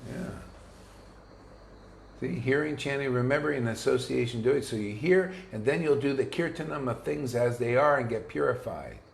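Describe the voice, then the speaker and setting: A man's voice: medium pitch, animated, normal speed, gravelly, echoey room, a little hiss or hum. A man preaching an informal devotional sermon to his students, blunt and combative, full of slang and restarts. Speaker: spiritual teacher.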